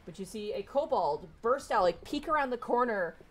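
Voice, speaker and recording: A woman's voice: fairly high pitch, expressive, normal speed. A woman narrating as game master of a tabletop game, chatty and laughing between lines.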